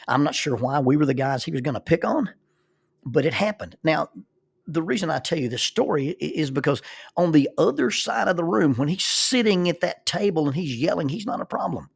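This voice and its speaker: Man, gravelly voice, husky, animated storyteller, mid pitch. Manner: animated, acts out the people in his story. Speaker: speaker telling a life lesson. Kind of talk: spoken storytelling.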